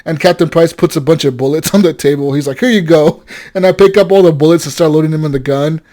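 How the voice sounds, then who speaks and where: A young man co-hosting a gaming podcast, telling a story with animated energy, swearing and acting out the characters' lines. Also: a little high, quick pace. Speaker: podcast co-host. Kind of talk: casual gaming chat.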